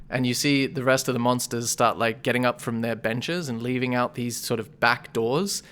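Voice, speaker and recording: A game master narrating a tabletop game, relaxed, with loose narration and easy laughter. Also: medium pitch, moderate pace, few pauses, clean tone.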